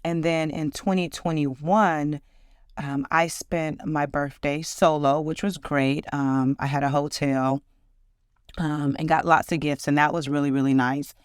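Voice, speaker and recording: Her voice low and unhurried, with fairly even intonation and a clean tone, a podcast host in her forties chats solo about her life. She comes across warm, upbeat and reflective. The sound is dry and studio-clean.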